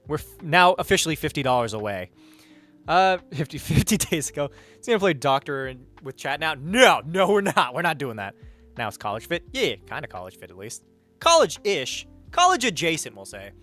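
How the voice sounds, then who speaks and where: Man, casual livestream chat, rambling, hesitant, swears, very lively pitch, faint background music. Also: brisk.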